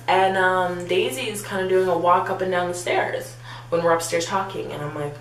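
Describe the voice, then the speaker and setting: A young adult woman vlogger telling a story in a lively, chatty way, acting out what people said and leaning on lots of "like" fillers. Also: fairly low pitch, a little fast. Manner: animated, acts out quotes, many "like" fillers. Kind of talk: storytime vlog. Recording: echoey room with faint hum.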